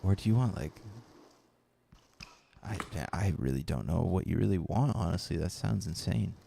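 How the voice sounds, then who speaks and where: A man's voice: deep voice, lively intonation, moderate pace, creaky, mellow, a little hiss or hum. A man casually chatting with live viewers while playing a BMX video game, rambling and reading the chat aloud.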